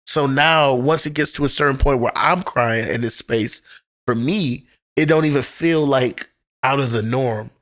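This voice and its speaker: A man's voice: medium pitch, a little slow, fairly bright tone. Candid young man telling stories. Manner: candid, heartfelt storytelling with casual profanity. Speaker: podcast guest, poet and teacher. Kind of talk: casual podcast conversation.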